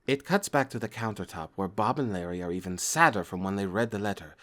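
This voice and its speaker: A man's voice: lowish voice, fast talker, a bit bright. A man reading a horror story aloud in plain first-person storytelling, stumbling now and then. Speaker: creepypasta narrator.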